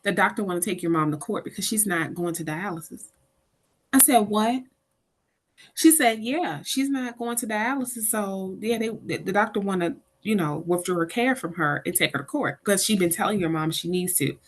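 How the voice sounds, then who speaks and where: As an interview guest, a middle-aged woman shares a caregiving story from her own life, animatedly acting out each person's voice. She speaks in a mid-range voice at a moderate pace.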